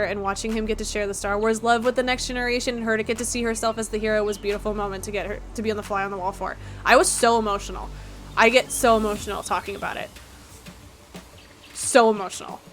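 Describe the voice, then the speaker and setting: A woman's voice: mid-range voice, steady tone, fast talker, fairly bright tone, faint music behind. A young adult woman livestreamer, chatting casually, joking and swearing as she talks. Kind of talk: casual stream chat.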